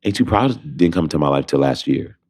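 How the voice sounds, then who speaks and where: A young Broadway actor from Detroit with a deep bass voice tells a lively story as a guest, talking fast and acting out both sides of the phone calls he describes in animated conversation.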